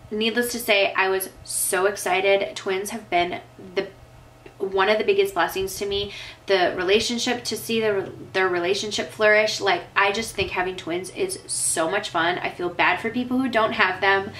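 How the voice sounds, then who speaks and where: A woman's voice: mid-range voice, fairly bright tone, low-quality recording. Tearful, chatty young woman vlogger. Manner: emotional, tearing up, filler-heavy. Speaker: vlogger answering viewer questions. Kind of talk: casual chat.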